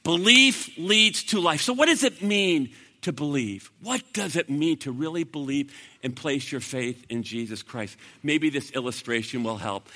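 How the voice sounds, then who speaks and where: A man preaching an evangelistic sermon to a live audience, swinging from loud bursts to hushed, earnest talk. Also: on the high side. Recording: long reverb of a large hall.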